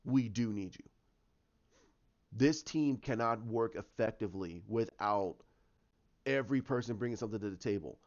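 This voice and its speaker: A man voicing an earnest male superhero, speaking slowly and deliberately. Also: lowish voice, voice pushed down, close to an everyday voice. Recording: dull lo-fi sound.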